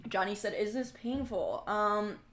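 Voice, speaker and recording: A woman's voice: mid-range voice, measured pace, a bit bright. Chatty young woman streaming casually. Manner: chatty, reads out and answers viewer comments; laughs easily, jokey asides. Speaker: livestream host. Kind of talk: casual livestream chat.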